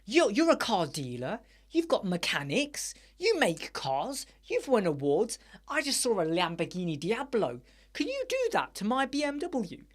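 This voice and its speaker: A man's voice: sits high, wildly swooping pitch, unhurried, voice pushed up, full character voice. A man voicing a pushy, entitled client who makes easy demands.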